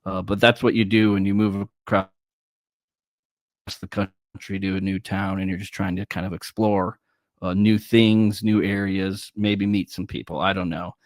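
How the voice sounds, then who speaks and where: A man co-hosting a podcast, joking in a wry, deadpan way with hesitant fillers. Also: deep voice, moderate pace, no room sound, studio quality. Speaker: podcast co-host. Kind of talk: casual podcast chat.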